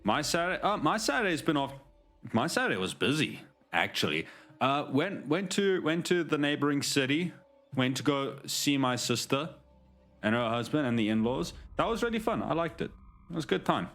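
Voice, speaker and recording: Lively man chatting on a stream. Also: on the high side, normal speed, soft background music. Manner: chatty, joking with chat, lots of restarts. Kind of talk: casual live-stream chat.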